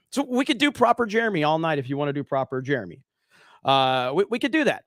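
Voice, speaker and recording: A man's voice: sits high, expressive, a little fast, no room sound, clean studio sound. Profane Southern man hosting a livestream. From Alabama. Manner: profane, rambling, self-mocking. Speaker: livestream host. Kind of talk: casual livestream chat, reading super chats.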